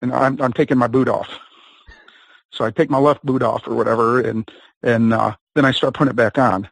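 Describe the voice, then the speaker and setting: A man's voice: medium pitch, steady tone, brisk, gravelly, no echo, rough recording. A man, a professional wrestler, telling a long anecdote in a casual, rambling way as an interview guest, with laughs and quoted voices. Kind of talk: casual storytelling.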